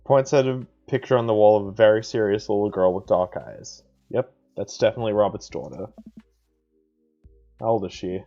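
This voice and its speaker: A man's voice: lowish voice, normal speed, mellow, dull audio, soft background music. A man on a live stream reading a game's narration aloud and chatting, evenly paced with bursts of laughter.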